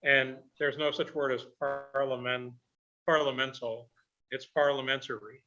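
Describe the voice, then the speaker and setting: A man walks through word usage on a video call, calm and explanatory as he corrects phrasing with simple examples. His voice is bright and forward. The call audio sounds slightly dull and lo-fi. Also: mid-range voice, a little slow. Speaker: grammarian at a club meeting. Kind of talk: online meeting report.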